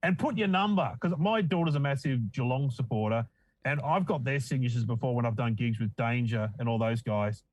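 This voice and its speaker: A man's voice: mid-range voice, brisk, dry recording, low-quality recording. A middle-aged man with an Australian accent, a comedian guest telling wry, self-deprecating stories in casual chat.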